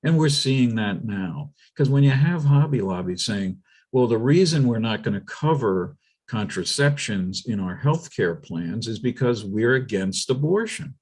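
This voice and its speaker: A man speaking as a guest on a political talk show, emphatic and animated, often restarting his sentences. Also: mid-range voice, a little slow, breathy edge.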